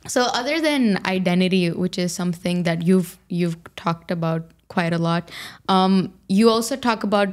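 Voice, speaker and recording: A young woman hosting a casual interview, agreeing often and laughing quickly between fillers. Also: fairly low pitch. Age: young adult. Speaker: podcast host.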